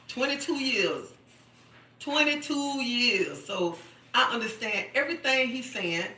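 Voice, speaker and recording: Woman, middle-aged, chatty live-streamer, bright and emphatic, repeats points, distant echoey phone sound. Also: a little high. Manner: chatty and emphatic, repeats herself, keeps asking "okay?". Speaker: livestream host. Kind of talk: casual live-stream chat.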